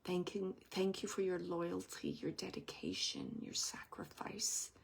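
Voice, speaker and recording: A woman giving a live spirit reading to an audience member, speaking gently and wandering through her impressions with soft asides. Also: on the low side, huge pitch swings, measured pace, creaky, husky. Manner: gentle, meandering, relays messages with soft asides.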